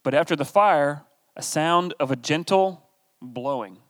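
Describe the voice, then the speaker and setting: A man's voice: a little high, unhurried, in a large hall. A man giving a conversational Bible teaching, reading scripture aloud and adding casual asides. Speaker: preacher.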